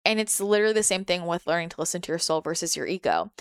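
Smooth-voiced woman giving a gentle spiritual talk. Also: very fast, no room sound, clean studio sound. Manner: gentle, soothing, occasionally voices her ego in a higher pitch. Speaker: spiritual teacher.

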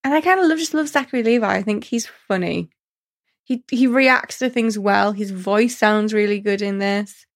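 A woman's voice: mid-range voice, moderate pace. A woman in a casual chat, talking enthusiastically and acting out quotes in different voices.

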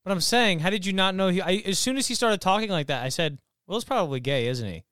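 A man's voice: high-pitched, expressive, fast, fairly bright tone, clean tone, dry recording, studio quality. A man co-hosting a casual podcast chat, blunt, argumentative and crude.

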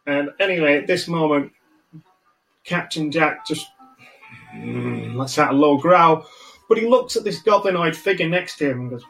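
A man running a tabletop game as game master, narrating in a relaxed, conversational way. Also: on the high side, measured pace, long pauses, soft background music, poor audio.

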